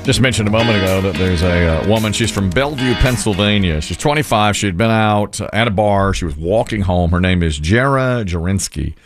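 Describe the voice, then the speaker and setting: A man's voice: on the low side, a little fast, hardly any pauses, soft background music. A man co-hosting a radio show, telling a news story and joking with his co-hosts. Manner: storytelling, joking, playful voices. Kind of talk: casual radio banter. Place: radio studio.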